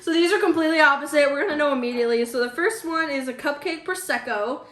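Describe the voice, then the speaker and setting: A fairly high-voiced young woman hosts a casual taste test, talking easily and reading bottle labels out loud. The room is echoey. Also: quick pace. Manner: chatty, reads wine labels aloud. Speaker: vlogger host. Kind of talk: casual chat.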